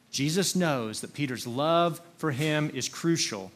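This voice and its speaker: Slow, earnest male preacher. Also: mid-range voice, a bit bright. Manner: slow, earnest, emphasizing single words. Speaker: pastor. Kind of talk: sermon.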